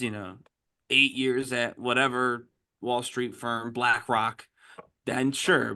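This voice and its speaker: A man's voice: medium pitch, bright, forceful tone. A man hosting a podcast who gives his opinions in casual chat. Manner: opinionated, chatty. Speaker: podcast host.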